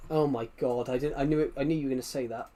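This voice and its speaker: A man's voice: medium pitch, steady tone, quick pace, mellow. A British man chatting casually on a game stream, rambling and repeating himself, his mic set a bit away behind a laptop. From Britain. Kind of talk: casual gaming stream chat.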